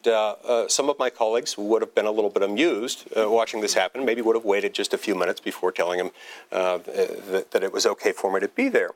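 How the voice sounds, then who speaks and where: Man, senator at a speech, wry self-deprecating storyteller, halting restarts, mid-pitched voice. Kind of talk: humorous anecdotal speech.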